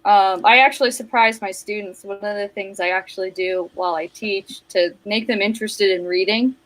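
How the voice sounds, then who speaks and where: A woman from New Jersey, a teacher, telling stories in a casual chat with animated, self-conscious laughs. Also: mid-range voice, a little fast, poor audio. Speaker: teacher and guest.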